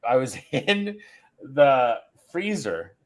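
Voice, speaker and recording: A man's voice: mid-range voice, sing-song, extremely slow. A middle-aged man hosting a podcast, telling a long story in a rambling, self-interrupting way. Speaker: podcast host. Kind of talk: casual chat.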